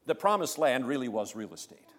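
A man preaching a sermon as pastor, emphatic, swelling loud on key phrases and dropping low between them. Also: big pitch swings, a little fast. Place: church sanctuary. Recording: long church reverb.

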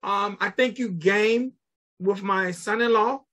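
Middle-aged male host, high bright voice, animated casual storyteller. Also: slow. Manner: animated storyteller, acts out quotes, swears. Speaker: podcast host. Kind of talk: casual chat.

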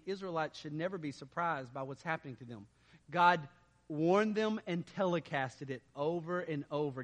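A man preaching a sermon as a pastor, conversational and animated, laughing now and then. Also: sits high. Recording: long hall reverb.

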